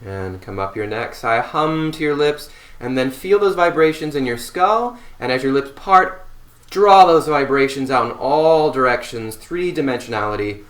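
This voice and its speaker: A man teaching a seated voice warmup, giving slow, calm instructions between long sustained hums. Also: medium pitch. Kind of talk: guided voice warmup. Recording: roomy echo.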